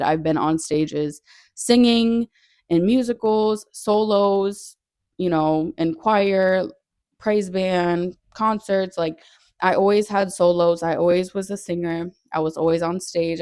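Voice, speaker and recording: A woman's voice: on the low side, steady tone, a little slow, darkish tone, clean tone, no echo, studio quality. A young woman hosting her own podcast, telling a personal story in an earnest, chatty way, full of "like" and frequent laughs. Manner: earnest, chatty, heavy use of "like", laughs often. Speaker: podcast host.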